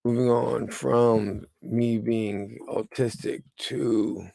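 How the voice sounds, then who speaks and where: A tired man under the weather hosts a rambling live-stream news show from home, talking haltingly with many stumbles and restarts. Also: medium pitch, little pitch movement, vocal fry, warm tone, no room sound. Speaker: host of a livestreamed news show.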